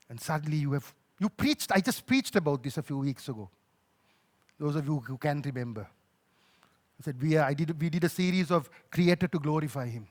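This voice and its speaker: Speaking in a slightly high, expressive voice at a fairly quick pace, this Sri Lankan-accented pastor shares an emotional personal story within his sermon. His preaching moves from loud pleas to soft, quiet passages.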